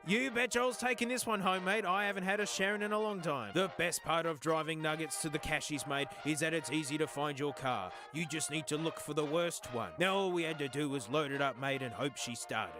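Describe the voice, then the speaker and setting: A man's voice: fairly high pitch, fairly quick, hardly any pauses, music in the background. An Australian man giving joking, sarcastic scripted narration as a video host. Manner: wry, joking, sarcastic asides. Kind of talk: scripted comedic voice-over narration.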